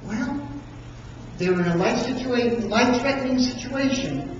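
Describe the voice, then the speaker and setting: Preacher for a slow, dramatic sermon, recorded from far back in a reverberant church hall. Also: mid-range voice, animated, a little hiss or hum. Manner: dramatic storytelling with emphatic pauses. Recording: echoey hall from far off, dull and lo-fi.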